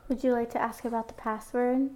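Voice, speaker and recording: A woman's voice: on the high side, little pitch movement, a little fast, mellow, a little hiss or hum. A woman player at a tabletop game, making wry quips and asking questions. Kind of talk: casual chat at a game table.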